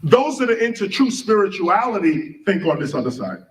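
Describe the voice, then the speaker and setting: A man's voice: high-pitched, very animated, normal speed. A man lecturing an audience, firing questions and spelling out words letter by letter, heard from a distance in a large room. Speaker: speaker. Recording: roomy, from a distance.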